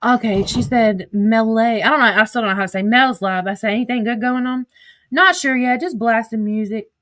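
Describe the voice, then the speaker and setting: A woman's voice: fairly high pitch, a little fast, fairly bright tone. A woman with a Southern accent, chatting on a livestream, cursing freely and reading out text messages. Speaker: livestream host. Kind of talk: casual livestream storytelling.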